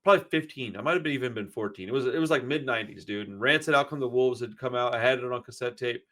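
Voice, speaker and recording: A fast-talking man with a medium-pitched, sharp-toned voice hosts a podcast. In his 40s, he spins long, rambling yarns in relaxed conversation, swearing often and leaning on "dude."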